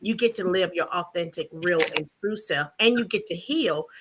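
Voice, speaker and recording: A woman's voice: lowish voice, normal speed, background noise. A woman on a discussion panel, speaking in an emphatic, motivational way. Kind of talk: earnest group discussion.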